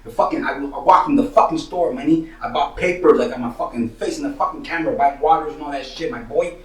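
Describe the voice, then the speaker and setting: Fast-talking street storyteller. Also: male voice, a little high. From San Jose, Northern California. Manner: profane, slangy, sprinkles "money" and "you know what I'm saying". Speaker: rapper telling his own stories. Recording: roomy, distant mic.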